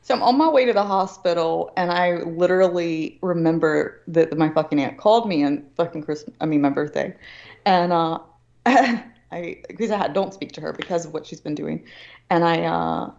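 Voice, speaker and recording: A woman's voice: lowish voice, moderate pace. A woman telling a family story in a heated, profane way, acting out the other people's words as she goes. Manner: heated, profane, animated retelling with acted quotes. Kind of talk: casual storytelling. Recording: slightly dull lo-fi audio.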